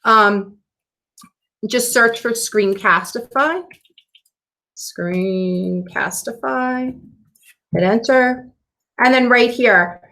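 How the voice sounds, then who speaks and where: A woman leading a teacher training over a video call, walking through software steps casually, and she says she is losing her voice. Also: a little high. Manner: explains steps casually with fillers. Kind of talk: screen-share training session.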